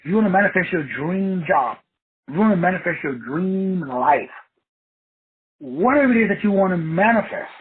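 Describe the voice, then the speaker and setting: Husky man on a tinny line. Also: high voice, animated, normal speed. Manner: preachy, wordplay-driven, repeats phrases for emphasis. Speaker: podcast host. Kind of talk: motivational talk show monologue.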